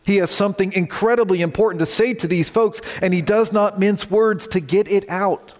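A man delivers a sermon from the pulpit, his voice sitting a little high. He drops to quiet, weighty phrases and climbs to urgent shouts. A long reverb from a large church sanctuary trails each line. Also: normal speed. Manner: dramatic swings from quiet to shouted warnings. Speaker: pastor.

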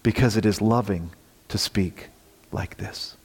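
A man preaching a sermon as pastor, earnest, swinging from loud emphasis to hushed near-whispers. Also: on the low side, a little slow, creaky, husky, in a large hall.

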